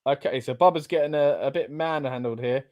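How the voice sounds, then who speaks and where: An English man co-hosting a casual watch-along, chatty and excitable with loud exclamations. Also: mid-range voice, brisk, dull audio. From England. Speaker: co-host.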